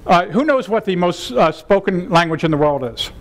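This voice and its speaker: A man leads a humorous workshop in a seminar room. His voice sits high and swoops all over the place as he jokes and laughs. He coaxes the audience through exercises over a wired mic. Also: animated, moderate pace. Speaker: seminar leader.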